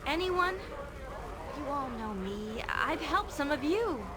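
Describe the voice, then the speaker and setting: A woman's voice: sits high, big pitch swings, slow pace, very noisy, full character voice. A woman voicing a young noblewoman in a game who pleads for help in a plaintive tone. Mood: pleading. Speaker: game character.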